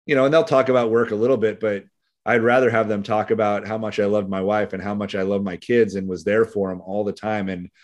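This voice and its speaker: Speaking a little fast in a level tone, this fairly low-pitched, middle-aged Californian is a sheriff's deputy and author. As a podcast guest in a casual interview, he tells rambling stories packed with fillers.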